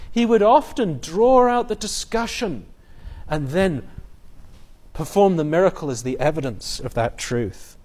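A man preaching an expository sermon, earnest, building emphasis and quoting scripture in a softer voice. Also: fairly high pitch.

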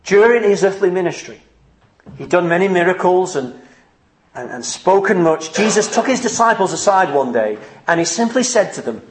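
Male preacher, higher register, pleading sermon delivery, reverberant room. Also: lively intonation, a little fast. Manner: pleading and earnest, rising to fervent questions. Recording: echoey room.

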